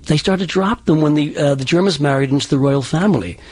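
A man with an Irish-tinged accent answers interview questions as a dialect coach. His voice is husky and a bit high-pitched. He explains in a halting way and often restarts his sentences. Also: darkish tone.

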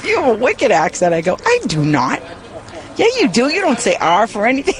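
A woman's voice: on the high side, wildly swooping pitch, fairly quick. A woman with a Boston accent, chatting casually while interviewed in line. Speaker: audition hopeful, interviewee. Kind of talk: casual chat.

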